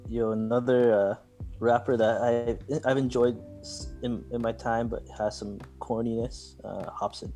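A man's voice: mid-range voice, level tone, unhurried, mellow, faint music behind, poor audio. A young man co-hosting a podcast, easygoing and hesitant, with many fillers. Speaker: podcast co-host. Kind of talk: casual chat.

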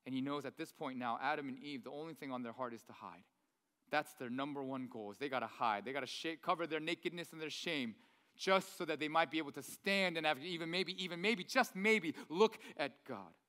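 A male pastor, around his thirties, preaching in a lively, conversational way with many rhetorical questions. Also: fairly high pitch, a little fast, smooth. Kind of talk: sermon. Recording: long reverb of a large hall.

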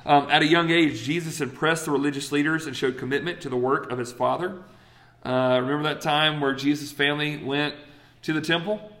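Guy preaching, chatty and animated, slightly high voice, keeps asking "right?". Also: fairly quick. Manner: conversational and animated, acts out voices, asks the crowd "right?". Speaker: pastor. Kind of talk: sermon.

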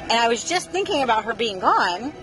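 A woman's voice: a little high, big pitch swings, brisk, music in the background. A woman in her thirties chatting to her viewers in an emotional, rambling way, with sighs as she talks. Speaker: vlogger. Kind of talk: casual personal chat to viewers. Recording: clear vehicle noise behind the voice.

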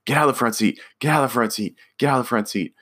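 Man doing a frantic young woman, shrill and raised, insistent, repeating herself. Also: very fast, a bit bright, close to an everyday voice. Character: frantic young woman shouting at her sister.

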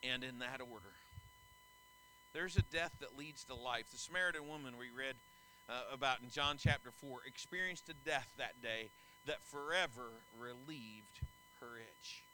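Animated, bright-voiced male preacher. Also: a little high, normal speed, a little hiss or hum, low-quality recording. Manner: animated, emphatic preaching with folksy asides. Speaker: pastor. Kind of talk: sermon. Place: church sanctuary.

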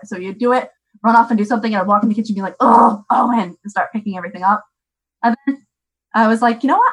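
Chatty young mother, animated. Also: medium pitch, poor audio. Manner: chatty, animated, many fillers. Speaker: parent. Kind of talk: casual chat.

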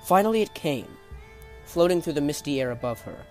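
A man narrating a fantasy novel chapter in a measured, dramatic storytelling manner. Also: a little high, animated, darkish tone, soft background music. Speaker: audiobook narrator.

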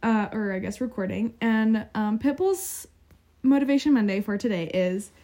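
A woman co-hosting a podcast in casual chat, soft-spoken and giggly, saying "like" often. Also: fairly high pitch, normal speed. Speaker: podcast co-host.

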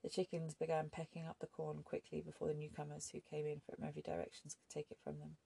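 A woman narrating an audiobook in a measured, even storytelling manner. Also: sits low, vocal fry, slightly rough.

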